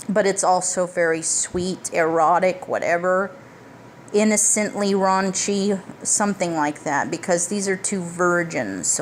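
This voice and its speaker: Speaking on the low side over a faint hiss or hum, a woman reviewer walks through a movie's plot in a casual way. Her recap is blunt and full of profanity, punctuated by emphatic asides.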